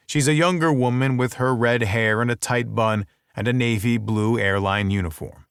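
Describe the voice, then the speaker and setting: Male romance audiobook narrator, lowish voice, dry close sound, wry first-person inner monologue. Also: normal speed, fairly bright tone, no room sound.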